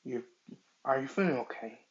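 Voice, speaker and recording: A man doing a booming cheerful hero. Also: expressive, normal speed, natural voice. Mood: heroic. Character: big cheerful adult male hero. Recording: dull lo-fi recording.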